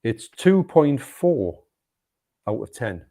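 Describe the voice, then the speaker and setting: A man, co-hosting a casual film chat, enthusiastic and quick to laugh, often restarting his sentences. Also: medium pitch, very animated, warm tone, slight background noise. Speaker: co-host.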